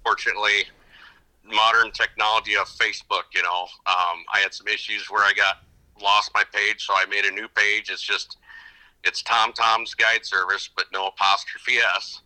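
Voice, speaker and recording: A man's voice: lowish voice, little pitch movement, normal speed, sharp tone, rough recording. A middle-aged man, a fishing guide, telling stories in casual interview chat, rambling with many restarts. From upper Midwest of the United States. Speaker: fishing guide and podcast guest.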